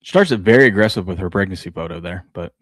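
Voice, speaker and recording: A man's voice: deep voice, animated, rapid-fire, fairly bright tone, no echo, clean studio sound. A man in his thirties, a sports show co-host, chatting casually and telling laid-back stories about his kids. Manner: laid-back storytelling with laughs. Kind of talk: casual chat.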